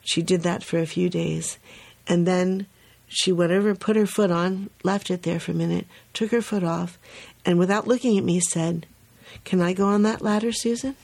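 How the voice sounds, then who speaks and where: A woman hosts a podcast in casual chat, a lively storyteller who laughs often and acts out the quotes. Her voice is on the low side and creaky, at a moderate pace.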